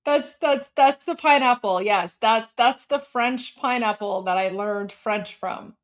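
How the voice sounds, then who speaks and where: A woman's voice: a little high, measured pace. Bubbly forty-something woman host. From Canada. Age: 40s. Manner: bubbly, chatty, laughs a lot. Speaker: livestream host. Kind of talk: casual live-stream chat.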